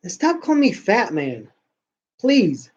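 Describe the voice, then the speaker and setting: Slow, rambling man ranting on a lo-fi recording. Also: high-pitched, huge pitch swings, darkish tone. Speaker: podcast host. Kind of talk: casual rant. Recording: dull lo-fi sound.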